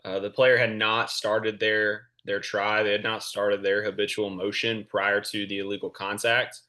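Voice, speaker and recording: A man who officiates college basketball explains his reasoning in a calm, confident tone. His voice is low-pitched but bright and forward. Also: normal speed. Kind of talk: explaining calls at a clinic.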